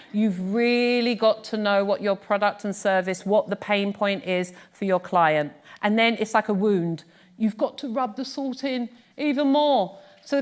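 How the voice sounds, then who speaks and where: A middle-aged British woman giving a live workshop talk on pitching, chatty and lively, teasing her audience. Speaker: business speaking coach. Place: workshop room before an audience.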